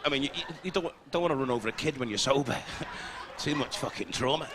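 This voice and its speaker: A man's voice: mid-range voice, animated, fast talker, crowd noise, background noise. A man with a Scouse accent doing crude, brash stand-up comedy on a theatre stage. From Liverpool, England. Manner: brash, crude, swearing punchlines.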